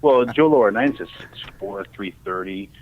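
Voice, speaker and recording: A lower-voiced middle-aged man from Ohio rambles through his stories as a podcast guest, jumping into the voices of the people in them. His voice comes through thin and tinny, like a phone line. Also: normal speed, crowd noise. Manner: rambling, animated, acts out quoted dialogue. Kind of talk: casual storytelling.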